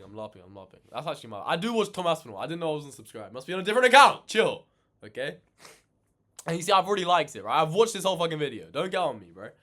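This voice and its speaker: A man ranting in casual reaction commentary, animated and swearing a lot, exasperated. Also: on the high side. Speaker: reaction channel host.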